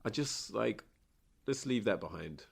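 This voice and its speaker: A man's voice: fairly low pitch, lively intonation, unhurried, creaky, slightly rough. A man co-hosting a podcast, blunt and sweary, laughing often. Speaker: podcast co-host. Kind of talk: casual chat.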